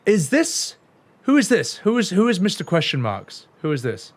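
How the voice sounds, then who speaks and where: A young man streaming a game, reacting casually. He gets excited, laughs and swears as he plays. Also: high voice, normal speed.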